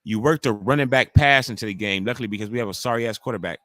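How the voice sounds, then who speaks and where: A man's voice: lowish voice, fast talker, a bit bright, no echo. A young man hosting a live watch-along stream, joking loosely and talking to chat viewers by name. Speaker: livestream host.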